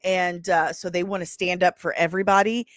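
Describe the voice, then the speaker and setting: A woman's voice: fairly low pitch, flat delivery, brisk, no room sound. A woman in her forties telling a story in an emphatic, indignant way, as a salon owner. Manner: emphatic, indignant, stresses words hard. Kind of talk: casual storytelling.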